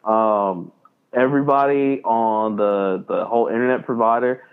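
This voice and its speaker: A man co-hosting a podcast in casual chat, animated and excitable, acting out his reactions. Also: lowish voice, a little slow, smooth. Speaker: podcast co-host. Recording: tinny phone-like line.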